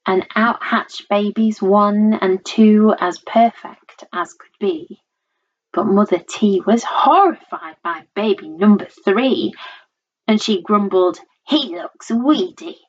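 A woman reading a rhyming picture book aloud in a measured, rhythmic way. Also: mid-range voice. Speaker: storyteller. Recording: dull lo-fi recording.

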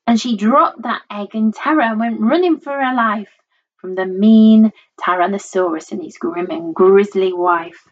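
A woman reading a rhyming picture book aloud in a measured, rhythmic way. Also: mid-range voice. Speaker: storyteller. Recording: dull lo-fi recording.

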